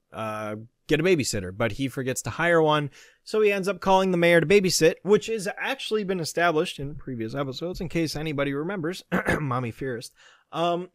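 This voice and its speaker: A man's voice: medium pitch, a bit bright, no echo. Chatty male podcast co-host, dry sound. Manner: chatty, laughs often. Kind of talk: casual chat.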